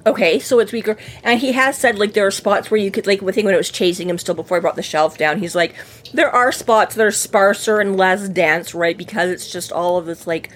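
A woman's voice: medium pitch, fairly quick. Chatty woman rambling through a book recap. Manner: animated, rambling, lots of fillers and restarts. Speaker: podcast co-host. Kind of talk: casual book discussion chat.

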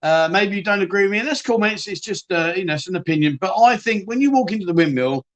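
A man's voice: high voice, expressive, fast talker. A man hosting a live chat show, rambling and joking as he reads out viewer comments and calls people mate.

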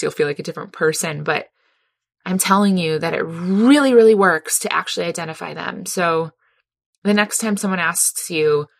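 Recorded dry, this woman has a fairly low pitch and noticeable vocal fry. She gives a sincere, heartfelt reflection on her own experience, breaking into laughter easily.

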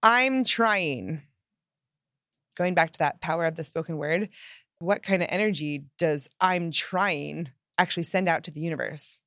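A woman giving an upbeat motivational self-help talk, emphatic and lively, acting out the phrases she quotes. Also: low-pitched, moderate pace, dry recording, clean studio sound. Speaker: self-help podcast host.

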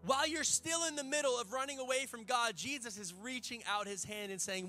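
A man's voice: extremely high pitch, a little fast, few pauses, pushed and bright, faint music behind. A male pastor, preaching a sermon to a church congregation in a fervent, conversational way with folksy asides.

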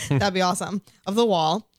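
A woman's voice: mid-range voice, no room sound. Woman co-host, blunt and sweary, dry close mic. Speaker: podcast co-host. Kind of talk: casual chat.

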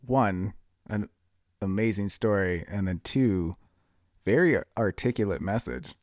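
Host, man, very deep voice, brief encouraging responses, dry close sound. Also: unhurried, darkish tone, dry recording. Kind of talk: casual interview.

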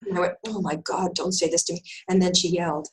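A woman's voice: fairly low pitch, fast talker, poor audio. An older woman, a guest healer, telling a personal story in conversation and acting out the dialogue. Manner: animated, acts out dialogue in voices.

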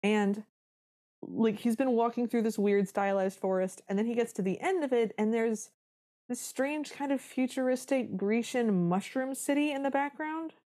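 A woman's voice: fairly high pitch, normal speed, mellow. A woman co-hosting a podcast, recapping a film in casual chat with wry, dramatic storytelling. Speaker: podcast co-host.

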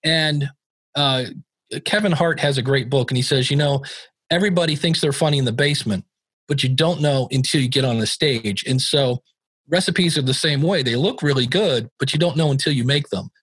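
A man talking as a guest in a podcast interview. He tells his stories in an animated way and acts out what people said. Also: mid-range voice, moderate pace, breathy edge, no room sound. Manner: animated storyteller who acts out quoted dialogue. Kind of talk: conversational interview.

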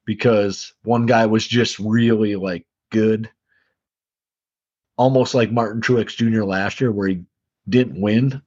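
Husky, blunt man with a lower voice. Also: no echo. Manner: blunt, opinionated, swears freely. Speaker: podcast co-host. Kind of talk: casual sports chat. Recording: slightly muffled lo-fi recording.

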